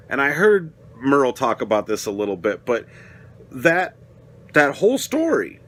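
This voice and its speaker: A young adult man giving a casual, rambling spoken film review, swearing often and getting worked up as he talks. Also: mid-range voice. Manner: rambling, profane, gets worked up and loud. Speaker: movie reviewer.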